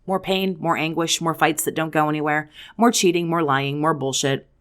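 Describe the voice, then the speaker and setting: A woman's voice: deep voice, fairly even intonation, moderate pace. A woman hosting a self-help video, giving blunt, profane advice to the camera in strings of rhetorical questions. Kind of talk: direct-to-camera advice talk.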